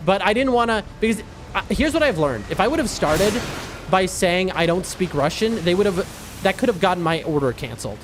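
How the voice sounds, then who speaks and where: A man's voice: high voice, lively intonation, a little fast, noisy background. A man chatting casually as a game streamer, telling a rambling story and reacting to his gameplay with frequent laughs and restarts.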